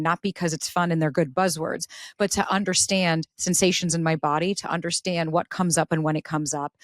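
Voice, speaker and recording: A woman's voice: lowish voice, no echo, clean studio sound. A woman on a podcast, telling a personal story in casual talk and acting out the voices she quotes. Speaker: podcast guest.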